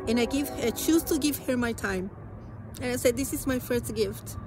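Over music, an adult woman with a slightly high voice offers an earnest personal testimony. Spanish is her first language and she's from a Spanish-speaking country; she tells her story haltingly, full of emotion.

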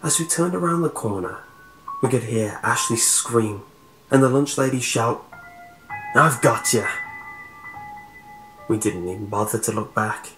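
A man reading a scary story aloud in a steady, measured narrating voice. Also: medium pitch, echoey room, music in the background, poor audio. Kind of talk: scripted horror narration.

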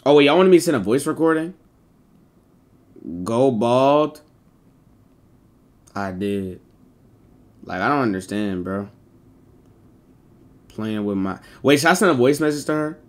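A man's voice: medium pitch, animated, measured pace, long pauses. Slangy, swearing male livestreamer. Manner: slangy, swearing, rambling talk to chat. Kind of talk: casual livestream chat.

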